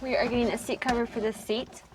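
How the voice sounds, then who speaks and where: A young American woman co-hosts a casual farm vlog. Her voice is a little higher than usual, and she chats in a relaxed, easy way, adding quick remarks. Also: background noise. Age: young adult. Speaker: farm vlogger. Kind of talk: casual chat.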